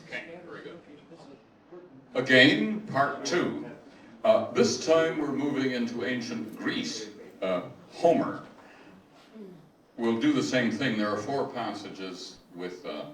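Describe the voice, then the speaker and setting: Slow older man in an echoey room. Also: mid-range voice, lively intonation, a bit bright. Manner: slow, digressive, self-deprecating. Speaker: amateur classics reciter. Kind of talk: spoken lecture with recitation. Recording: echoey room, mic at a distance, faint hiss.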